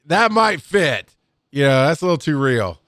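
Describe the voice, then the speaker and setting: Man, middle-aged, casual podcast chat, animated storyteller, swears a lot, dry close mic. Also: a little high, unhurried, no echo. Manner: animated storyteller, swears freely, acts out quotes loudly. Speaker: podcast co-host.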